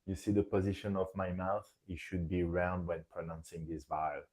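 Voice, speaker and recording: A man's voice: deep voice, little pitch movement, moderate pace, few pauses, darkish tone. A man with a French accent teaching French nasal vowels, demonstrating each sound carefully. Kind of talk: scripted pronunciation lesson.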